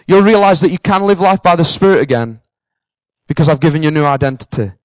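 A male preacher with a fairly high voice delivering an earnest sermon that builds into fervent passion. The sound is dry and close, with no room echo.

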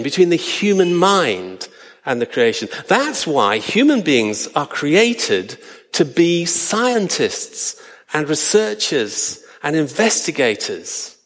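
A man preaching a sermon, earnest and slowing down for emphasis. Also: a little high, in a large hall.

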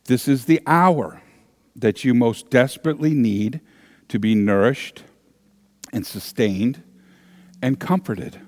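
A man preaching a sermon at a slow, deliberate pace. His voice rings out with a long church reverb around it. He speaks earnestly and lifts into animated emphasis. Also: medium pitch. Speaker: pastor. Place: large church sanctuary.

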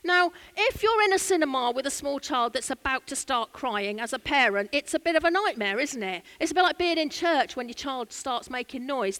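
A woman's voice: sits high, lively intonation, moderate pace, few pauses, a bit bright. A woman preacher with an English accent, giving a chatty sermon built around a family story, with asides to the congregation. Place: church.

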